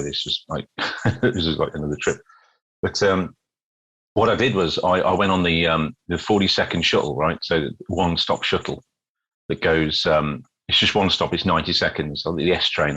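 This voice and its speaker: A man's voice: low-pitched, moderate pace, husky, low-quality recording. A middle-aged British man, a busker, telling stories in a casual interview, often repeating words as he goes. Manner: animated storyteller, repeats words, acts out quotes. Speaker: guest busker.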